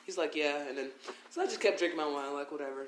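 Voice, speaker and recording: Brief: male wrestler guest, quick animated storyteller in an echoey room with faint noise. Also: a little high. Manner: animated, quick, acts out quoted voices. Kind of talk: casual podcast storytelling.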